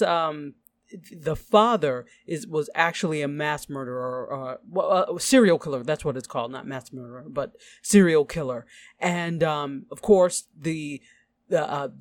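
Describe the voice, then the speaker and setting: Animated Nigerian-accented man, TV chat. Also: fairly high pitch, no room sound. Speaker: podcast co-host. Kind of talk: casual TV review chat.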